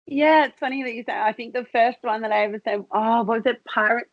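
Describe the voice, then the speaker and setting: A woman chats as an interview guest, giggling often between lines. Her voice sits fairly high. The sound is dry and close, with no room around it. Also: a little fast, no room sound, muffled recording. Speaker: interview guest, cam model. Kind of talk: casual interview chat.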